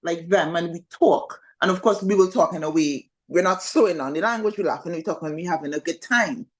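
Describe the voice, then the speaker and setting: A woman with a Trinidadian accent, a teacher chatting in an interview, animated and quick in bursts, with many fillers. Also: on the low side. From Trinidad and Tobago. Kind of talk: casual interview chat. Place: living in Shanghai.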